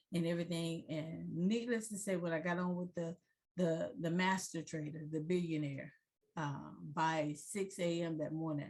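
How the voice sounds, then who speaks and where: A middle-aged woman, a pastor and investor, telling her story in an interview with fervent preacher-like delivery, quoting scripture and building up to shouts. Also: fairly low pitch, breathy edge.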